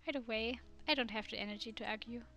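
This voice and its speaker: A woman streamer reading a dating game aloud in a soft, immersive way. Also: on the high side, quick pace.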